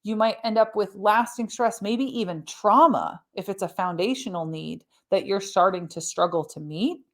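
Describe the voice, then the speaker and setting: A woman's voice: medium pitch, normal speed. Conversational woman podcast host explaining. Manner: conversational teaching, frequent "right?" and "like".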